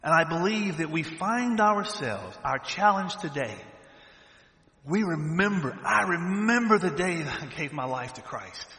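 A man with a Southern US accent preaching a sermon, swinging between loud bursts and hushed asides. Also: fairly high pitch, animated, unhurried. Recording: echoey hall reverb.

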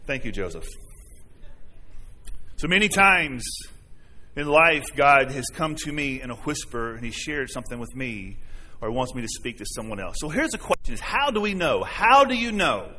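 A man's voice: medium pitch, expressive, moderate pace, sharp tone, slight background noise. A man preaching a sermon to his congregation, earnest and conversational, often asking them questions. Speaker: pastor. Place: church sanctuary. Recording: long hall reverb.

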